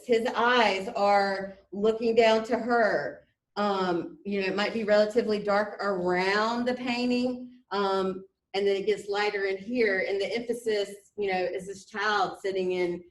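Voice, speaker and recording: A woman art teacher lecturing over slides in a chatty way, full of fillers and restarts, raising her pitch to stress key words. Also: distant mic. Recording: echoey room, voice off-mic.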